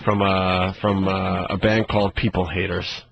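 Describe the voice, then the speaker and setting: A man's voice: low voice, level tone, unhurried, gravelly. A man hosting a radio show, brash and profane in casual banter. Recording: muffled radio broadcast with noise.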